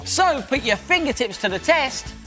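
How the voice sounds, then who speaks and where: A man's voice: extremely high pitch, sing-song, normal speed, sharp tone, soft background music. A man co-presenting a children's craft show, playful and jokey while demonstrating.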